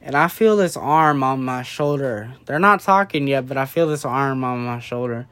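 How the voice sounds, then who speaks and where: A man's voice: mid-range voice, lively intonation, normal speed, a bit bright. A drunk young man in casual late-night chat, rambling loosely and drifting off track.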